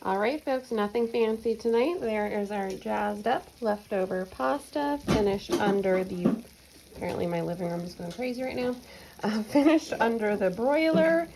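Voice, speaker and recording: A woman's voice: medium pitch, normal speed, creaky, a little hiss or hum. Chatty woman narrating a home cooking vlog. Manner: chatty, relaxed, with laughs and fillers. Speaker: homestead cooking vlogger. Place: home kitchen, indoors.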